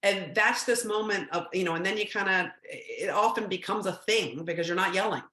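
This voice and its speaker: A woman's voice: mid-range voice, normal speed, few pauses, pushed and bright, reverberant. A woman giving a talk to parents, conversational and often checking in with "right?", now and then acting out short quotes. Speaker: speaker on teen mental health.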